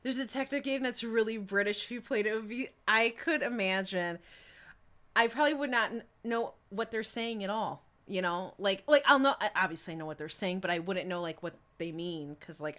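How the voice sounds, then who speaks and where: A woman's voice: medium pitch, normal speed, bright, forceful tone. A young adult woman streaming a game, chatting casually with her viewers, giggling often and reading their messages aloud. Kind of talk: casual live-stream chat while gaming.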